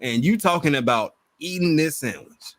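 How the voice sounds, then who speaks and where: A man's voice: a little high, lively intonation, normal speed, fairly bright tone, dry recording. A man co-hosting a casual late-night talk show, joking around in playful slang. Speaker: podcast co-host. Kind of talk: casual chat.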